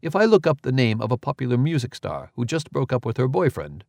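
A level-headed man lays out his reasoning in a steady, matter-of-fact way, as voiced by a male narrator. The read is dry and close, with no room around it. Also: medium pitch, fairly quick, vocal fry, no room sound. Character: calm, precise, lecturing man.

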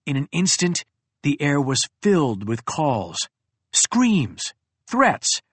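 A man narrates a first-person audiobook with a slightly raised pitch, throwing his voice up and down to sell the comedy. The recording is close and dry, with no room sound around him. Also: no echo. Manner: expressive, comic storytelling with big pitch swings.

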